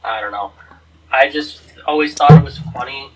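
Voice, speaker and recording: A man's voice: medium pitch, normal speed, distant mic, rough recording. A man co-hosting a podcast, rambling casually through comic-book lore with plenty of swearing. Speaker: podcast co-host. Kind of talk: casual chat.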